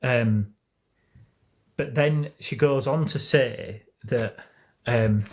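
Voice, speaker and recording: A man's voice: medium pitch, very slow, pauses often, darkish tone. A man with an English accent hosting a casual live stream at home, talking earnestly and rambling with many restarts. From England. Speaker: host of a live stream on anxiety recovery.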